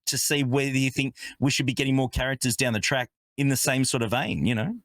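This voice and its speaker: An Australian man with an Australian accent hosting a relaxed, chatty gaming discussion with a joking, self-deprecating manner. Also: mid-range voice, fast talker, no echo, studio quality. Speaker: podcast host.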